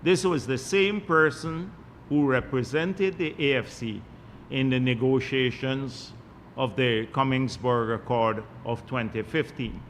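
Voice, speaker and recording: Guyanese male politician at a press conference, deliberate scornful delivery, long reverb. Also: mid-range voice, slight background noise. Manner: scornful, mocking opponents. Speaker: party general secretary.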